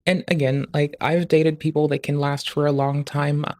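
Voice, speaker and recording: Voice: flat delivery, moderate pace, no echo. Foul-mouthed ranting streamer. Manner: profane, ranting, crude jokes; rising loud and high in outbursts. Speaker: livestreamer. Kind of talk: casual stream commentary.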